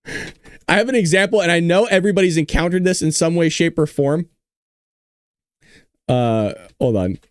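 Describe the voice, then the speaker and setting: A man's voice: a little high, moderate pace, pauses often, clean tone, no room sound, clean studio sound. A man hosting a casual talk show, joking with his viewers and teasing the chat. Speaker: host.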